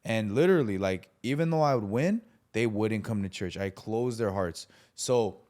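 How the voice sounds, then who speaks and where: Male guest, lowish voice, casual faith talk, animated storyteller who does quick voices. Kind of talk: casual conversation.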